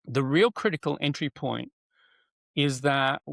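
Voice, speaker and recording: Middle-aged man, gravelly, close and dry; animated guest storyteller. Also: mid-range voice, a little slow, no room sound. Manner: animated storyteller, acts out quotes, many fillers and restarts. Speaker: guest, NLP trainer. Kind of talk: casual conversational interview.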